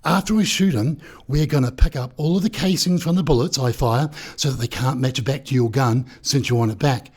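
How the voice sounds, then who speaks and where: A man's voice: medium pitch, breathy edge, natural voice. Man playing a condescending young schemer who lectures his sidekick, comic crime story. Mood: smug. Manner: condescending, explaining slowly, snapping into a yell. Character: smug scheming young man called Genius.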